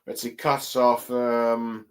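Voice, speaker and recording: A young man casually recapping a comic chapter on his own, halting often with ums and let's sees. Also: medium pitch, little pitch movement, low-quality recording. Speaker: chapter reviewer. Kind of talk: casual solo commentary.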